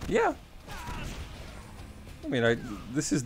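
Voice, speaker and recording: A man's voice: medium pitch, wildly swooping pitch, a little slow, creaky, long pauses, faint music behind. A man from Australia chatting casually on his stream, rambling and wry, swearing now and then.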